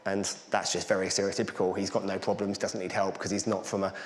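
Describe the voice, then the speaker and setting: Fast, flat-voiced man in an echoey room. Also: sits low. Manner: candid, conversational, self-deprecating. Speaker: conference speaker. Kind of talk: personal talk with slides.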